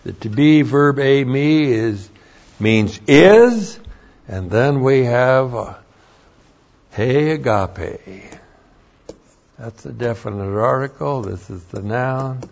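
A man teaches verse by verse from the Bible at a very slow, deliberate pace. He leans hard on key phrases and repeats them for emphasis, at a middle pitch. The recording is dull and lo-fi. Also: creaky, a little mellow, a little hiss or hum.

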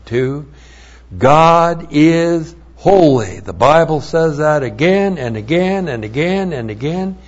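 A man teaches verse by verse from the Bible at a very slow, deliberate pace. He leans hard on key phrases and repeats them for emphasis, at a middle pitch. The recording is dull and lo-fi.

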